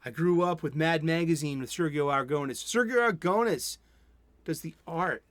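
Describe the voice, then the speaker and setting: A man's voice: on the high side, moderate pace, no echo. A man, hosting a casual solo comics review stream and rambling enthusiastically with many self-interruptions. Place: home studio.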